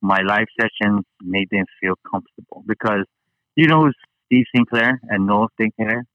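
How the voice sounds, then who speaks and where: A man's voice: on the low side, steady tone, normal speed, no echo, dull audio. A man from Hawaii, a guest chatting casually and rambling with many fillers and restarts. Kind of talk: casual interview chat.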